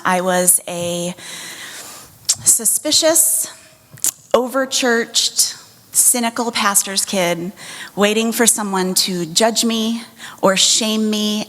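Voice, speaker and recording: A woman in her forties giving an earnest, measured chapel talk, pausing often with "um". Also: mid-range voice, fairly even intonation, a bit bright. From United States. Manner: measured and earnest, frequent "um" pauses. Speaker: chapel speaker. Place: college chapel. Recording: long hall reverb.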